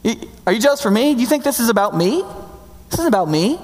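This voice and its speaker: A man voicing a calm, exasperated old leader in a sermon retelling, speaking casually and incredulously. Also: extremely high pitch, fast talker, big-room sound, pitched above the performer's own voice.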